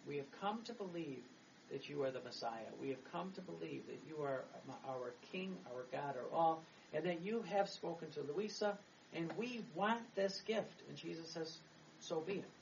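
A man's voice: a little high, expressive, normal speed, gravelly. A middle-aged man, a Catholic priest, giving a chatty homily that rambles, with laughs and restarts. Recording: distant mic, dull sound, faint background noise.

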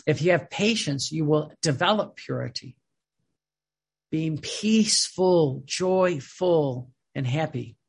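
Slow-paced and husky, with a highish voice and vocal fry, this preacher reads devotional texts and remarks on them with earnest emphasis, moving between loud and soft delivery.

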